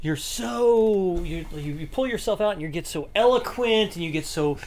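A woman's voice: on the low side, expressive, moderate pace, a little mellow. A woman co-hosting a casual chat, rambling and laughing often as she acts out quotes. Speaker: podcast co-host.

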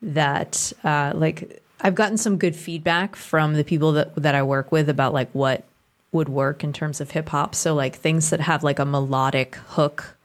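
A woman's voice: low voice, fairly even intonation, normal speed. A young woman from the Boston area who works as a radio DJ, talking casually with lots of fillers and a projected voice. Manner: chatty, many fillers, projects her voice. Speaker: radio DJ guest. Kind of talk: casual conversation.

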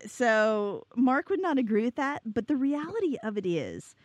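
A woman's voice: fairly high pitch, very animated, normal speed, no room sound. A woman talking candidly in a casual podcast chat, rambling a little and correcting herself as she goes. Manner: candid, rambling, self-correcting with restarts and laughs. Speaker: business owner guest.

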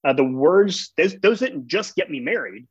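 A man's voice: a little high, lively intonation, moderate pace, husky, no room sound. A man as an interview guest, earnestly explaining faith through family stories. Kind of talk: conversational theological explanation. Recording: dull, dry recording.

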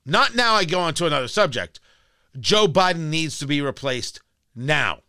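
A man's voice: on the high side, expressive, normal speed, sharp tone, dry recording, clean studio sound. A man hosting a political talk radio show, ranting in a combative, sarcastic way. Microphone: studio microphone.

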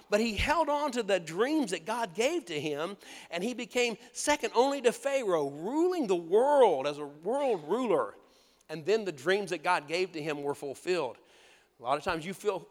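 High-voiced folksy pastor in a hall. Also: male voice. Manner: folksy and animated, laughs often, acts out quoted voices. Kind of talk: sermon. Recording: long hall reverb.

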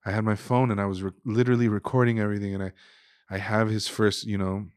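Male podcast guest, 30s, low voice, dry close sound, earnest and emotional, casual filler-heavy speech. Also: level tone, fast, no room sound. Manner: emotional, heartfelt, says "dude" and "like" a lot.

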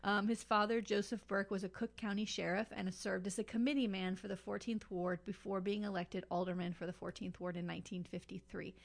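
Gravelly-voiced woman podcast host. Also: medium pitch, fairly even intonation, a little fast, hardly any pauses. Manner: chatty storyteller, lots of fillers and asides. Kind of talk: casual podcast chat.

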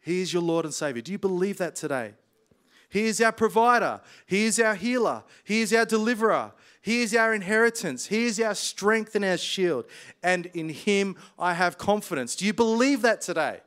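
A man, preaching a casual sermon full of stories, chatty and quick to laugh. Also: high voice, animated, a bit bright. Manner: chatty, laughs often, colloquial.

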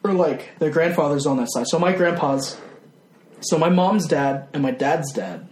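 A man's voice: a little high, moderate pace. A man chatting as a podcast guest, telling family stories with bursts of mock outrage. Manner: animated storyteller, drops into mock outrage. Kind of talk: casual podcast chat. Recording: roomy echo with faint noise.

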